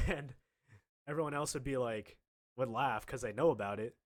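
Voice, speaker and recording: A young man with a medium-pitched voice speaks at a moderate pace, casually recounting a story from his school days. He's animated, laughs often, and acts out the other people's lines.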